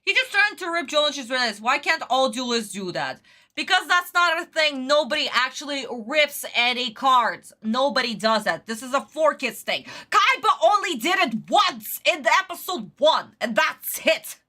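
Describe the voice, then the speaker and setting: A woman's voice: sits high, expressive, moderate pace, sharp tone. A woman streamer reacting to a cartoon on a live stream, ranting in exasperation and swearing a lot.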